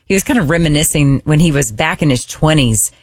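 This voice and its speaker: A woman co-hosting a radio show, telling a funny family story in an animated way, often laughing and acting out the voices. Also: deep voice, a little fast, slightly rough, dry recording. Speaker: radio co-host.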